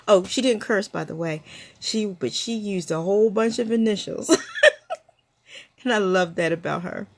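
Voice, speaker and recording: A woman's voice: medium pitch, moderate pace. An older woman hosting, telling personal stories in a reflective way and laughing often. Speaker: storytelling host. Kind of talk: personal storytelling to camera.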